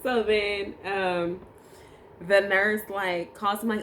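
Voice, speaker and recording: Woman chatting away, voice on the low side, faint hiss behind. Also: steady tone, normal speed. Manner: chatty storyteller. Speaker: co-host, new mother. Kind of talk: casual couple chat.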